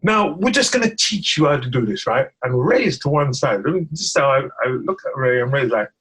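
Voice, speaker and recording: Husky, laughing storyteller man. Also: mid-range voice, animated, brisk, fairly bright tone. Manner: laughs often, acts out quotes, stammers. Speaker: guest, firefighter. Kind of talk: animated storytelling.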